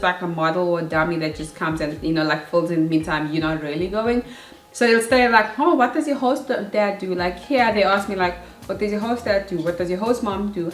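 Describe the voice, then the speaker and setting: A young woman from Africa, giving casual advice in a chatty, animated way and acting out her own past nerves. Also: medium pitch. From South Africa. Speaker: vlogger. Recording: echoey room.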